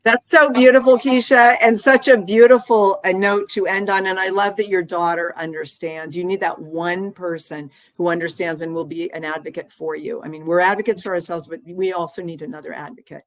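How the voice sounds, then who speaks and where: A woman's voice: on the low side, steady tone, brisk, hardly any pauses, no room sound. A woman in her sixties hosting an interview, speaking earnestly with frequent restarts. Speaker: host. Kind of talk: interview conversation.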